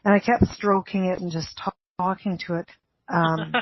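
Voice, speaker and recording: A woman's voice: fairly low pitch, fairly even intonation, normal speed, dry recording. A woman co-hosting a radio talk show, telling a story in casual chat and often exclaiming. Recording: muffled dry radio studio sound.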